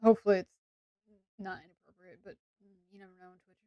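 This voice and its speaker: A woman from England with an English accent chats on a role-play stream, sarcastic and playful, with quick asides. The recording is muffled but has no echo.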